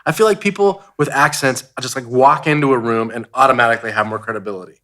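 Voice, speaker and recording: A man's voice: medium pitch, fast, sharp tone. A man hosting a casual interview, encouraging his guest with short affirmations. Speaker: podcast host.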